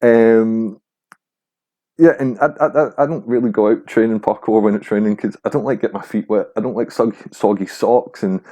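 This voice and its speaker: A man's voice: on the low side, dark tone. A young man hosting a casual solo podcast, rambling and swearing freely with a self-mocking streak. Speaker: podcast host.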